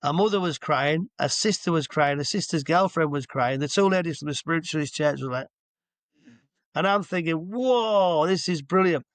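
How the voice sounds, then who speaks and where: A man in his sixties chats his way through long anecdotes as a guest hypnotherapist. His voice sits a little high for a man, and it is recorded dry and close, over a video call from home. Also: a little fast, fairly bright tone, no room sound. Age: 60s. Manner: chatty, rambling, stops to explain asides. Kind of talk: casual anecdotal storytelling. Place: at home with a dog nearby.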